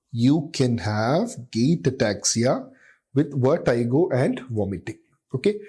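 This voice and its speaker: A man's voice: medium pitch, dark tone, husky. A man giving a clinical medicine lecture. He often says "okay" and "uh" and repeats key terms to drive them home.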